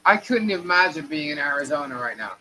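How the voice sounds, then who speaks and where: A woman's voice: low voice, lively intonation, a little fast, pushed and bright, slight background noise, poor audio. A middle-aged woman co-hosting a live stream, telling a long family story in a rambling, chatty way and laughing between sentences. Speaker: livestream co-host.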